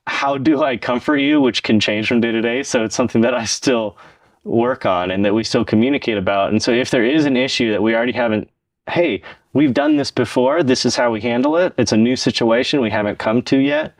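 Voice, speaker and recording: A man's voice: mid-range voice, fairly quick, dry recording. A man co-hosting a podcast, talking casually and earnestly about relationships, explaining his points at length and acting out the lines people say to each other. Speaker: podcast co-host. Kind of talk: casual relationship-advice chat.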